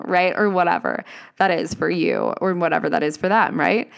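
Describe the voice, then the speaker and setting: A woman's voice: on the low side, brisk, creaky. A woman hosting a motivational solo podcast, talking casually with lots of swearing and "like" fillers. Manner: swearing, gushing, uses many "like" fillers. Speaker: podcast host.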